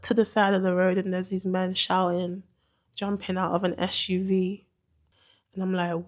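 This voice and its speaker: A young woman telling a dramatic story in an animated, slangy way. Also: on the low side, normal speed. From England. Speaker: vlogger. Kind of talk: storytime narration.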